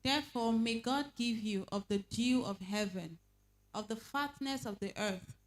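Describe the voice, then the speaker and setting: Woman, scripture reader, steady measured reading, somewhat high voice. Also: low-quality recording.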